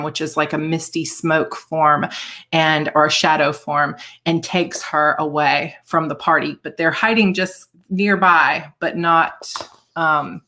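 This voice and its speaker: A woman reading her own novel aloud on a live stream, chatting casually between chapters. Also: lowish voice. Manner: conversational and chatty in recaps, steady in first-person narration. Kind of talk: live audiobook reading with chat.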